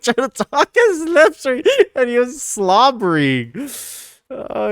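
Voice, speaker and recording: A man's voice: fairly high pitch, clear, resonant tone, dry recording, studio quality. A young man streaming, casually reacting to a clip and laughing often, swearing as he rambles. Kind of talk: casual live-stream commentary.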